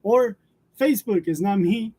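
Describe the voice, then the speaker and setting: A man's voice: sits high, unhurried, a little mellow, breathy edge. A man hosting a casual live chat with his viewers, telling stories loosely and chuckling between nearly every sentence. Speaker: livestream host of a graphic design channel. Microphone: wireless lavalier.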